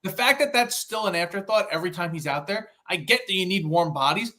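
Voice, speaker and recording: A man on a sports podcast, arguing his points in a quick, animated way. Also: high voice. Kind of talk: casual sports chat.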